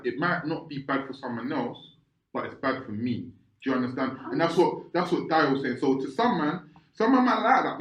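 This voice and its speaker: A man, co-hosting a podcast in casual chat, rambling with many restarts and checking if you understand. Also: mid-range voice. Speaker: podcast co-host. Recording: echoey room, slightly muffled sound.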